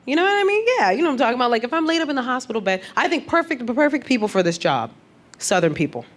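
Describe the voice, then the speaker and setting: A woman's voice: a little high, very animated, rapid-fire. A woman performing a stand-up comedy set, acting out the people she quotes with big jumps in her voice.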